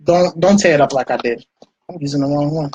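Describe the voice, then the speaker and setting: A young adult woman from the United States chatting casually while doing her makeup, telling stories with lively quoted voices. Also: low voice, brisk, dull audio, a little hiss or hum. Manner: chatty storytelling, animated quoted voices, frequent laughs. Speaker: makeup vlogger.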